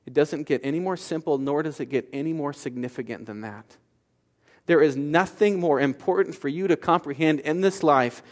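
A man's voice: fairly high pitch, normal speed, long reverb tail. Man preaching with rising and falling intensity. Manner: emphatic, swings from loud declarations to soft storytelling. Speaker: pastor. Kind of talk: sermon.

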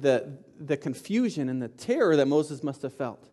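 A pastor preaching a sermon, often repeating and restarting words, building to loud peaks. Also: male voice, a little high, big pitch swings, normal speed, hardly any pauses.

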